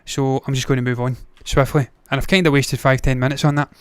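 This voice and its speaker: A man's voice: mid-range voice, flat delivery, fast, smooth, dry recording. Blunt, swearing man. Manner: blunt, opinionated, frequent swearing. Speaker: movie news show host. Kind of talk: casual livestream commentary.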